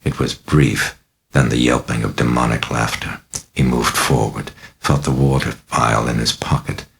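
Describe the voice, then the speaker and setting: Very deep, gravelly male audiobook narrator. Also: steady tone, fairly bright tone. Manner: dramatic, measured, grave. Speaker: narrator, author reading own novel.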